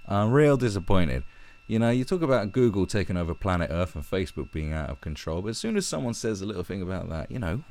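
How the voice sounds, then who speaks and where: A man's voice: fairly low pitch, a little mellow. A man giving a sarcastic, profane ranting commentary as an online commentator. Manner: sarcastic and profane, with mocking asides.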